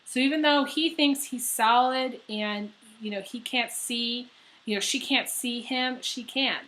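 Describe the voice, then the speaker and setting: A woman's voice: on the high side, a little slow, a bit bright. A woman giving a casual, rambling tarot horoscope reading, full of fillers and the odd swear word. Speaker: tarot reader.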